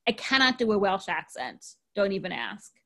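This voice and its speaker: A woman's voice: mid-range voice, big pitch swings, moderate pace, pushed and bright. A woman hosting a podcast, chatting casually and cheerfully about folklore, with frequent ums and likes. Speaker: podcast host.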